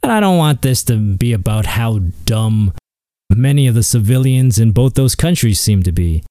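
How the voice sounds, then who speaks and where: Solo comedy host, male, sarcastic and foul-mouthed, mellow low-toned voice, dry close sound. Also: lively intonation, normal speed, no room sound. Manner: profane, sarcastic, mock-outraged. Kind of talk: comedic rant.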